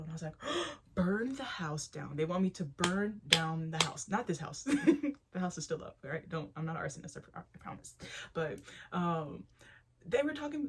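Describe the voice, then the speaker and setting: A woman's voice: lowish voice, slightly rough. Rambling, chatty young woman vlogger. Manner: rambling, animated, laughs often, restarts sentences. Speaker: spiritual vlogger. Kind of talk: casual chat to camera.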